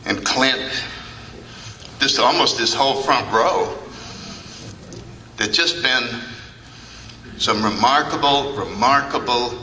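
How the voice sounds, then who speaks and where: With a fairly low, pushed and bright voice, an older recovery meeting speaker delivers a humorous, story-filled talk to a convention audience, dramatizing the things people said. The recording carries a little hiss or hum and picks him up from a distance in an echoey, large convention hall.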